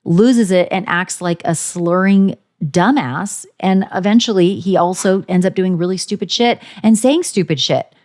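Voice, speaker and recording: A woman's voice: moderate pace, hardly any pauses. A woman co-hosting a podcast, chatting casually and bluntly, swearing freely and acting out quotes with big jumps in her voice. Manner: animated, acts out quotes with big pitch jumps. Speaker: podcast co-host. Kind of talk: casual recap chat.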